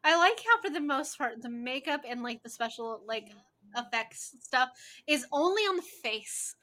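A woman's voice: sits high, lively intonation, moderate pace, bright, forceful tone. A woman chatting casually while watching a movie, playful and laughing often. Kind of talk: casual watch-along chat.

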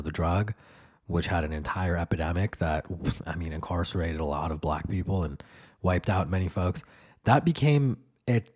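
Deep-voiced man rambling on a podcast. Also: darkish tone. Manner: rambling, lots of fillers and swearing. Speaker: podcast host. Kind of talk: casual monologue.

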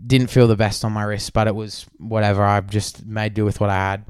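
A man's voice: fairly low pitch, little pitch movement, fairly quick, darkish tone, clear, resonant tone, no echo, studio quality. A young Australian man hosting a podcast, telling a story in casual chat with lots of swearing and fillers. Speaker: podcast co-host.

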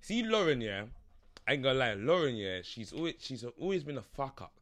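A man's voice: medium pitch, big pitch swings, a little fast, fairly bright tone. A man, chatting in a laid-back way on a podcast, repeating himself and using street slang. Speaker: podcast co-host. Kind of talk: casual chat.

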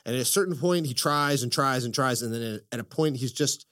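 A man hosting a casual podcast chat, excitable and profane, telling stories with lots of energy. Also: mid-range voice, brisk. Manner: excitable, profane, animated storytelling. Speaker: podcast host.

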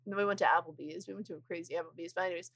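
A young woman with a bright, clear voice, cursing freely as she tells a story in casual podcast chat. The sound is close and dry, with no room in it. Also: lowish voice, racing, no room sound. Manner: profane, animated storytelling. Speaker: podcast co-host.

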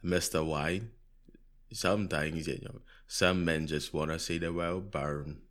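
A man's voice: rumbling low, little pitch movement, a little slow, bright, forceful tone, full character voice. A man doing a clumsy old British butler. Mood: mock solemn. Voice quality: clumsy put-on British accent.

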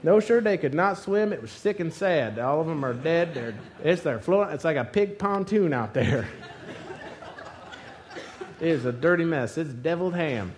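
A man preaching a sermon, retelling a story with lively humor and putting on funny voices for the characters. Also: fairly high pitch, normal speed.

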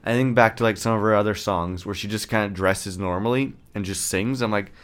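Man in his thirties, podcast host, low-pitched, profane sarcastic rant, fairly monotone. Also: brisk, few pauses, clean tone. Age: 30s. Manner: self-described monotone delivery. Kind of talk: casual solo podcast rant.

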